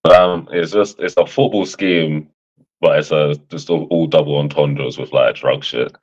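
Deep-voiced British guest, muffled. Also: male voice. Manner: relaxed, halting explanations with fillers. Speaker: guest rapper. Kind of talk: interview talk.

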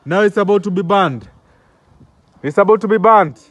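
A young man with a Kenyan accent giving excited, comedic play-by-play commentary on wrestling, exclaiming and repeating himself. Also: sits high, moderate pace.

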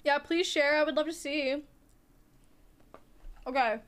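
A young woman streaming a game, chatting casually and softly with her viewers in a gushing, sing-song way. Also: high-pitched, steady tone, unhurried. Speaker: livestreamer. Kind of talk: casual chat with viewers while gaming.

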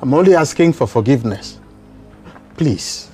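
An actor with a Nigerian accent playing a remorseful father who pleads and apologizes in a halting way. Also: mid-range voice, animated, mellow, faint music behind, natural voice. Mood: pleading. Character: remorseful middle-aged father, pleading for forgiveness. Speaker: estranged father. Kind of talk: Nollywood film acting.

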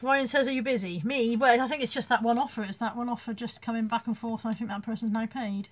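A chatty British woman with a slightly raised pitch, talking casually into a phone. She reads out viewer comments one after another and laughs easily between them. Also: fairly even intonation, quick pace. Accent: British English. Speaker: online reseller hosting a live chat. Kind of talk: casual live-stream chat.

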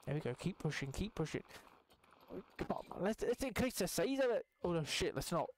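Excitable young man yelling over gameplay. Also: fairly quick. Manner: excitable, swears a lot, bursts into high yelps. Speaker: gaming channel host. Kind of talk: casual gameplay commentary.

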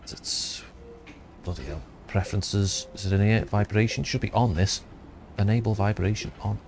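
A man's voice: lowish voice, normal speed, vocal fry, darkish tone, slight background noise. A man from around Liverpool giving casual gameplay commentary, rambling, thinking aloud and swearing. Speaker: gaming youtuber.

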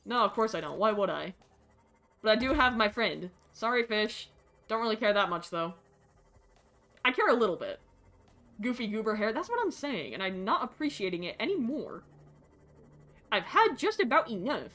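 A woman streaming a game live, chatting excitably, greeting creatures with squeals and swearing when frustrated. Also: a little high, normal speed, long pauses. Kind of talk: live gameplay stream chat.

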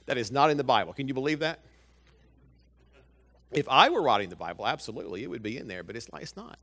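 A medium-pitched male pastor fires off his sermon fast in the church sanctuary. Lively and direct with the congregation, he poses question after rhetorical question.

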